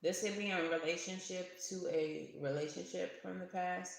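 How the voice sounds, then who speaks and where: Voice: medium pitch, fairly even intonation, moderate pace, vocal fry. A tarot reader giving a casual reading to camera, chatty, laughing often and swearing now and then. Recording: very echoey room.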